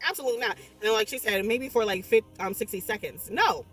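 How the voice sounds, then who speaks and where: A young adult woman, working as a movie reviewer, recaps a horror film in a loose, rambling style, swearing constantly and exclaiming animatedly as she goes. Her voice sits in the mid range at a moderate pace. She is somewhat off-mic and far from it, with faint music playing behind her.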